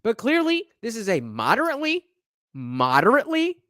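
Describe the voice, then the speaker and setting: A man's voice: very high-pitched, huge pitch swings, normal speed, bright, forceful tone, dry recording, studio quality. A man hosting a reaction commentary, talking sarcastically in a profane rant. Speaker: commentary channel host.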